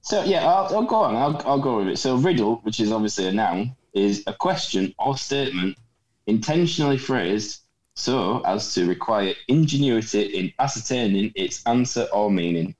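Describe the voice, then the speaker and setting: A man's voice: lowish voice, expressive, moderate pace, darkish tone, poor audio. A laid-back man co-hosting a casual podcast, a little hesitant. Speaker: podcast co-host. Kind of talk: casual chat.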